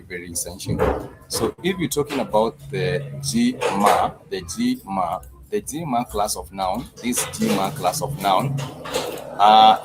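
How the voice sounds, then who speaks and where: A man's voice: low-pitched, poor audio. A man teaching a language lesson on a live stream, patiently repeating each word several times.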